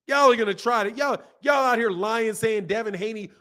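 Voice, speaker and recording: A man hosting a boxing live stream, reading viewer comments and ranting in animated, slangy talk. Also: high-pitched, fairly quick, hardly any pauses. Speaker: boxing channel host.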